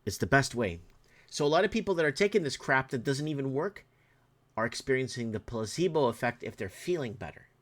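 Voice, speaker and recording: A Canadian man hosting a solo livestream, reading news items aloud and then breaking into excited, opinionated rants to his viewers in a room indoors. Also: mid-range voice, brisk. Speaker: show host.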